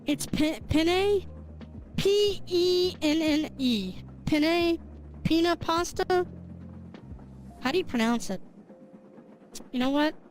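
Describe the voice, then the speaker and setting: A woman's voice: sits high, lively intonation, slow pace, long pauses, soft background music. A woman game streamer chatting with her viewers in a bubbly, rambling way, swearing casually as she goes. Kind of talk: casual live-stream chat.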